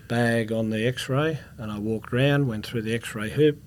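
A man's voice: mid-range voice, unhurried, slight background noise. Australian man telling rambling stories. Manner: rambling anecdotal storyteller, coughs now and then. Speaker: guest, former police officer and security contractor. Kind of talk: casual storytelling interview.

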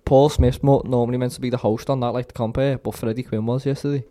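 Fast-talking young man. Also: medium pitch, steady tone, dark tone. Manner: rapid, swearing banter, restarts. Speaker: podcast co-host. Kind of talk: casual chat.

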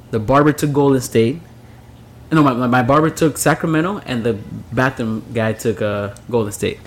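A man co-hosting a casual drinking podcast, telling stories in an animated way and laughing through the punchlines. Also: mid-range voice, normal speed. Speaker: podcast co-host.

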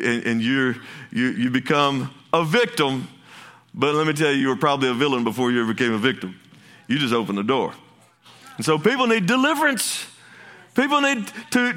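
A male pastor delivers a fervent sermon, his voice bright and sharp and pitched a bit high. He talks in a folksy way, often restarting his sentences. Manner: passionate, repetitive restarts, folksy asides.

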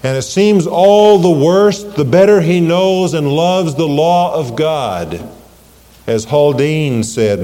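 A man preaching a sermon in a warm, mellow voice that sits a little high for a man. He speaks earnestly and slows down and rises when quoting scripture. The sound carries a long church-hall reverb. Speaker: pastor.

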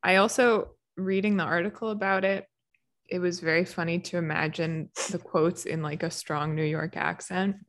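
A woman's voice: on the low side, fairly even intonation, moderate pace. A woman co-hosting a podcast in casual chat, giggly and wry. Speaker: podcast co-host.

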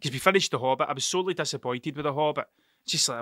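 A man's voice: fairly high pitch, rapid-fire, pushed and bright, no room sound, studio quality. A Scottish man in his thirties with an Ayrshire accent, hosting a podcast and telling a rambling, sweary story that keeps wandering off track. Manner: sweary, digressive, restarts mid-sentence. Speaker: podcast host.

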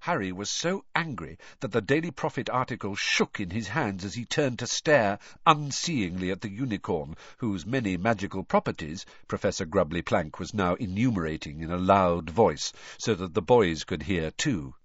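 A man narrating a storybook in a measured, expressive way. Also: low voice, no echo, muffled recording. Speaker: audiobook narrator.

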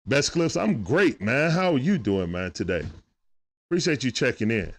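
At a moderate pace and medium pitch, a man live streams animated, casual play-by-play of a basketball game. He pauses between plays to greet chat viewers and has side conversations with his son.

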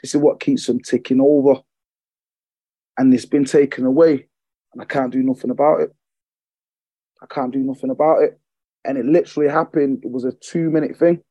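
A man's voice: medium pitch, fairly even intonation, normal speed, long pauses, mellow, no echo, poor audio. A man, a fitness coach, telling candid stories as a podcast guest, swearing freely and repeating phrases for emphasis. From England. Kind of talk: emotional podcast storytelling.

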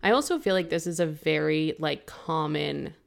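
A young woman co-hosting a book podcast, chatting in a relaxed, casual way, with lots of "like" and "um". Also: low-pitched, normal speed, vocal fry. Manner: relaxed, fillers like "like" and "um". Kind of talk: casual chat.

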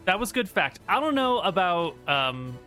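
Bright-voiced easygoing game master, a man. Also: high-pitched, sing-song, moderate pace, faint music behind. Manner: musing, rambling, easygoing. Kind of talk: casual tabletop game chat.

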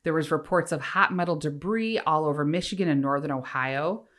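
A woman's voice: deep voice, brisk, fairly bright tone. A woman co-hosting a casual podcast, reading out facts and dropping wry asides. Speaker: podcast co-host.

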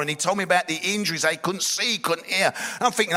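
Bright-voiced man telling his story. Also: sits high, fast talker, hardly any pauses. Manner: blunt, streetwise, frequent "you know" asides. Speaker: speaker giving a personal testimony. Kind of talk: storytelling testimony.

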